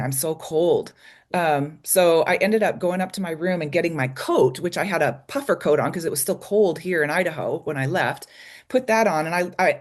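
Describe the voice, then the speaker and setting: A woman guest telling a candid, emotional personal story in an interview, with many ums and restarts. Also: fairly low pitch. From United States. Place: small logging community in Idaho.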